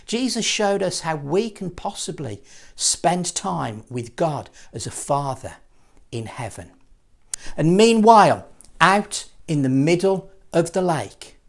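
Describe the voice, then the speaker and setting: A man presenting a children's assembly, his pitch swinging widely as he tells the story. He keeps it playful and expressive, with jokey asides along the way. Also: slow pace, vocal fry. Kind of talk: animated Bible storytelling for children.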